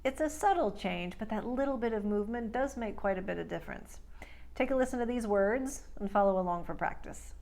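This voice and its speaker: A woman's voice: medium pitch, animated, a little fast, creaky, a little mellow. A woman speech coach teaching accent sounds, carefully demonstrating each vowel. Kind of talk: accent tutorial.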